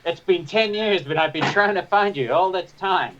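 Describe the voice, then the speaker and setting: A man's voice: high-pitched, moderate pace, a bit bright, slight background noise, pitched above the performer's own voice. A man voicing an old, repurposed male nanny battle droid that speaks in a formal, servile way. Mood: earnest. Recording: dull lo-fi voice chat.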